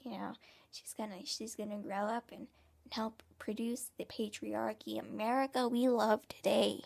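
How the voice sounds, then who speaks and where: A smug, passive-aggressive 1950s father, played by a woman rambles through a comic monologue, stopping and restarting his sentences. His voice is gravelly and husky and often drops to a half-whisper. It also sits somewhat high. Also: little pitch movement, darkish tone. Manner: rambling, halting, with many restarts.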